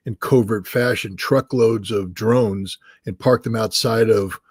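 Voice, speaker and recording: Male commentator, husky tone, dead-dry sound, emphatic and argumentative. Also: fairly low pitch, steady tone, a little slow, dry recording. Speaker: guest analyst. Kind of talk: interview commentary.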